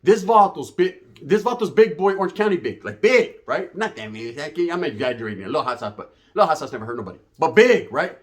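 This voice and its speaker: A man's voice: on the high side, sing-song, fast talker, few pauses. A man telling a rambling, profane hood story full of slang. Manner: rambling, swearing, slang-heavy. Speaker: comedic storyteller.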